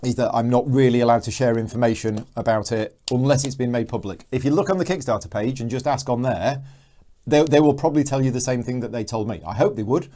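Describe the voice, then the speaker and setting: Chatty man with a mellow voice. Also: mid-range voice, quick pace. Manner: chatty, reads viewer comments aloud. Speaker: board game channel host. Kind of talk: live unboxing chat.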